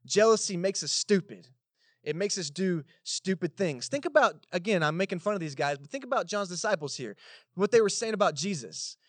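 A man's voice: high voice, animated, a little fast, dry recording. A man with a Texan accent preaching a sermon to his congregation in a casual, conversational way, with asides to the listeners. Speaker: pastor. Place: church service in a cinema auditorium.

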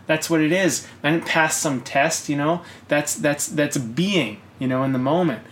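Ranting podcast man, fairly high voice. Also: normal speed, a little hiss or hum. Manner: ranting, swears often, builds to loud bursts. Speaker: podcast co-host. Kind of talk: casual podcast chat.

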